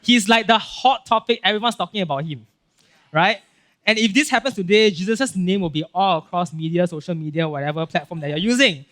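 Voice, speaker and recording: Speaking in a high voice at a fairly quick pace, this Singaporean-accented male pastor gives a loose, lively sermon. He dramatizes scenes from the Bible, and his filler-laden delivery keeps circling back to "right?" and "okay?".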